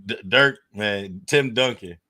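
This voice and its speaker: A man's voice: on the low side, slow pace, pushed and bright. A man co-hosting a sports podcast in casual chat, talking in a laid-back, slangy way. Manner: laid-back slangy talk, laughs along. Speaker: podcast co-host.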